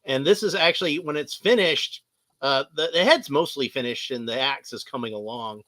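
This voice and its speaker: A man's voice: mid-range voice, normal speed, sharp tone, no echo. A man, chatting casually as a guest, rambling with many fillers and restarts and laughing often. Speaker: guest, artist and toy collector. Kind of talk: casual chat.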